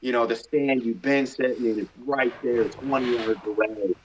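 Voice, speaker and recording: A middle-aged man, a podcast guest, telling a story in casual chat, animated and excitable, acting out his own inner voice. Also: medium pitch, normal speed, a little hiss or hum, poor audio.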